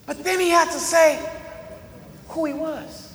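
A man preaching a sermon, emphatic and often shouting to the congregation, with a drawn-out, call-and-response delivery. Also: very high voice, steady tone, slight background noise. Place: large church hall. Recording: echoey hall with long reverb.

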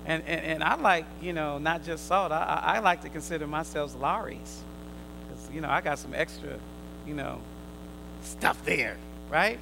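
A man preaching a sermon, quizzing his listeners in call and response, swinging from loud emphatic bursts to quiet asides. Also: a little high, normal speed, vocal fry, background noise.

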